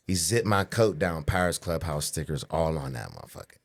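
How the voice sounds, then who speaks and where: A man in his forties from the Pittsburgh area, a pro bodybuilder, is a podcast guest casually telling a profane story about his childhood. His voice is low and he moves fairly quickly. He gets animated, voices the people he quotes, and repeats "you know what I'm saying" a lot.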